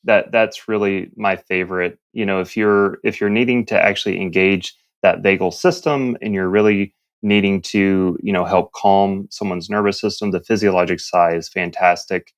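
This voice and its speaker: A man who is a neurologist and a podcast guest, calmly explaining and telling stories. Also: deep voice, moderate pace, hardly any pauses, no echo. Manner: calm, explanatory storytelling. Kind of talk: interview, explaining.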